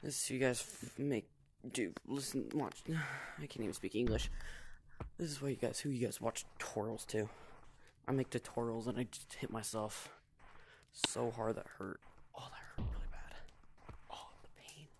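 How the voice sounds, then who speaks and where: A man's voice: medium pitch, normal speed, gravelly, background noise. A man giving casual, playful gameplay commentary as a video creator, giggling, teasing other players and sometimes dropping into whispers.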